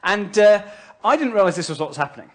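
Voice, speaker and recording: A male pastor preaching to his congregation in church. His voice sits a little higher than most men's, and he talks loosely and warmly, with fillers and small jokes, as if chatting with the room. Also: lively intonation, fast talker. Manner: conversational storytelling with light humour and frequent fillers. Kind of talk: sermon.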